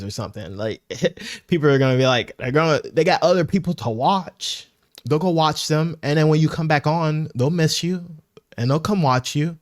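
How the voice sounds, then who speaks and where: A man's voice: fairly high pitch, normal speed, no room sound, clean studio sound. Laid-back man riffing on a reaction video. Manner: animated, mocking voices for imagined streamers. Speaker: reaction streamer. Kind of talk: casual reaction commentary.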